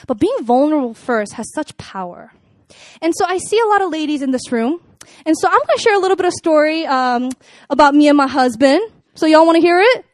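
A woman's voice: high-pitched, brisk, dry recording. Chatty young woman giving a dry, casual sermon. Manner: chatty and animated, filled with "like" and "you know". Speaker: speaker at a church gathering. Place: room with a live audience.

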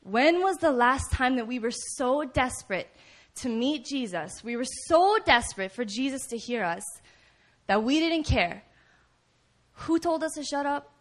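A woman preaching a sermon, telling the story in a lively, conversational way, often asking "right?" and acting out shouts. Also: a little high, measured pace. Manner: animated storytelling, acts out voices and shouts; conversational, frequent "right?" asides.

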